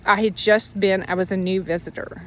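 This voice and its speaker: A woman's voice: medium pitch, steady tone, normal speed, slight background noise. Earnest woman telling her faith testimony. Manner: earnest, emotional, rambling with restarts. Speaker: Christian ministry leader sharing her testimony. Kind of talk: personal faith testimony, casual storytelling.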